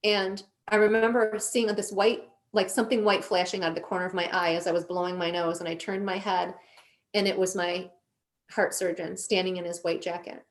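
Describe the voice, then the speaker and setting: A woman's voice: lowish voice, level tone, a little fast. Earnest middle-aged woman telling her story. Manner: earnest, emotional, many restarts. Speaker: guest. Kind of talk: personal storytelling in conversation.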